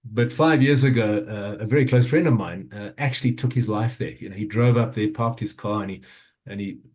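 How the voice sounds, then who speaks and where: A South African man in his fifties, speaking at a summit and sharing a personal story in an earnest, halting way, with frequent restarts and fillers. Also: on the low side, a little mellow.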